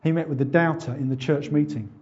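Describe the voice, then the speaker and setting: A man preaching a sermon, asking rhetorical questions and building up to loud, fervent appeals. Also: on the high side, fairly even intonation, quick pace, muffled recording.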